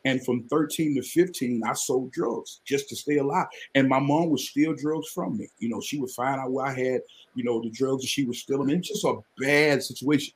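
A man, telling his life story as a guest on a live podcast, earnest and animated. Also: mid-range voice, normal speed. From Mississippi, US. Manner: earnest, animated storytelling with sudden excited rises.

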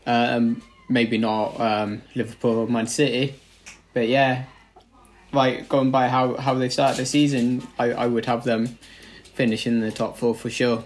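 A man co-hosts a casual football podcast in a mid-range voice. He speaks in a relaxed, hesitant way, filling his pauses with ums. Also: mid-range voice. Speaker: podcast co-host.

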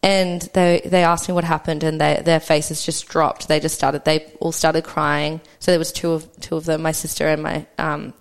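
Woman, podcast guest, low-pitched, smooth clear voice, reflective and halting, candid storytelling. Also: little pitch movement. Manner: reflective, halting, heavy use of "like".

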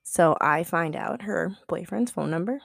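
Low, gravelly woman telling a story. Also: expressive, unhurried, no echo, studio quality. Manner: chatty, profane, heavy use of "like"; acts out quoted dialogue. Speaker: podcast co-host. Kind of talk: casual storytelling.

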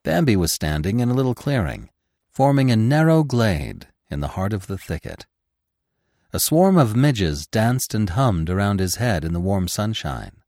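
Brief: male narrator, very deep, slow and lively in pitch, dry close mic. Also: dry recording. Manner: measured, expressive storytelling. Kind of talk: scripted narration of a classic novel.

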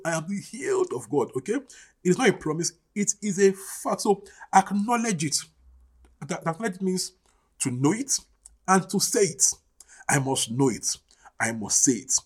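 Male pastor preaching, husky tone, swinging animated delivery, hammering repeated phrases. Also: a little high. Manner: emphatic, repetitive preaching with call-and-response questions. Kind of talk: sermon.

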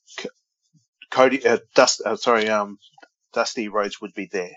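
A man's voice: lowish voice, fairly even intonation, unhurried, a bit bright, no room sound, lo-fi sound. A man co-hosting a wrestling podcast in casual chat, joking and teasing, often stumbling over names. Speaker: podcast co-host.

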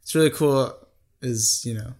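As a podcast guest, a young man tells his story loosely and chattily, tacking "right?" onto his sentences again and again. His voice is mid-range at an everyday pitch, with a darkish tone and normal speed.

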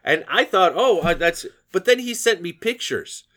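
A man on a podcast, talking in casual chat with a fairly high voice that jumps all over. He complains with lively energy and swears freely. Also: moderate pace. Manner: swears a lot, animated complaining. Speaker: podcast co-host.

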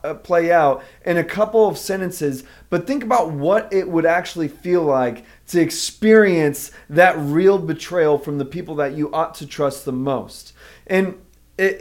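A pastor preaching a sermon in an earnest, emphatic way. His voice sits a touch higher than most men's. He walks his listeners through a Bible story. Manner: earnest, emphatic teaching, explaining a Bible passage.

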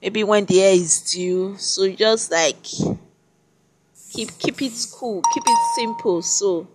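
A woman's voice: medium pitch, takes it slowly, heavy background noise. A woman hosting her own podcast in a chatty, rambling solo monologue, often repeating herself. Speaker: podcast host.

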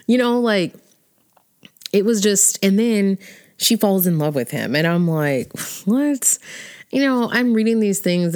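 A woman giving blunt, opinionated commentary in casual chat, swearing freely and laughing often. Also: sits low. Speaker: vlogger ranking characters.

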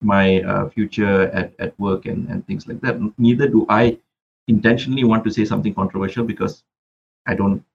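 A man's voice: lowish voice, steady tone, brisk, gravelly, muffled recording, a little hiss or hum. A Malaysian man who raps, talking reflectively as a podcast guest and often repeating words while he thinks. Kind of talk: casual interview chat.

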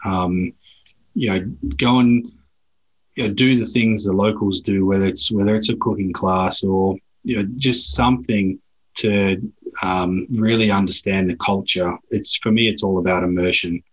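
Low husky Australian man. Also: moderate pace, poor audio. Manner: relaxed storyteller with frequent restarts. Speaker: guest. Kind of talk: casual conversation.

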